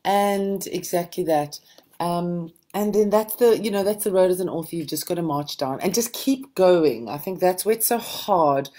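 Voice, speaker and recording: A woman, a book mentor talking casually and encouragingly to a group of writers. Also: medium pitch. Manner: reflective, encouraging, steady. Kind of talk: casual conversation to a writing group.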